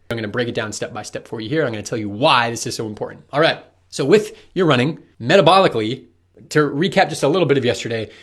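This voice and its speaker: A man explaining running science to the viewer in a loose, conversational coaching talk, asking rhetorical questions. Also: medium pitch.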